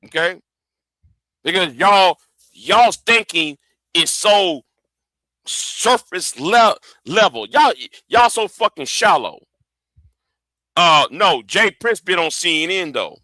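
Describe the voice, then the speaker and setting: A man's voice: sits high, lively intonation, slow, pauses often, pushed and bright, no room sound. A man hosting a livestream, ranting angrily and profanely, often repeating himself and stumbling over words. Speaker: livestream host. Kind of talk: heated livestream rant.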